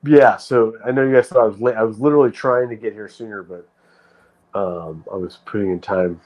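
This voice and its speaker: Man, stream host, lowish voice, profane rambling chat. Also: fairly quick, a little mellow, low-quality recording. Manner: profane, rambling, with frequent restarts. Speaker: livestream host. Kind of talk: casual livestream rant.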